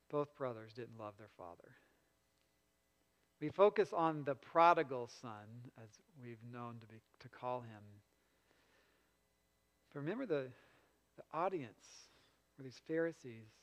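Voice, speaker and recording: A man preaching a sermon, retelling a story with lively swings between loud passages and quiet asides. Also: mid-range voice. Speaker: pastor. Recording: long reverb in a large hall.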